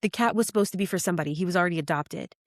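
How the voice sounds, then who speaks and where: A woman co-hosting a podcast, chatting casually and retelling a story with lively quoted lines. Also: fairly low pitch, rapid-fire, no room sound, studio quality. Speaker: podcast co-host. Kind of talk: casual chat recapping a show.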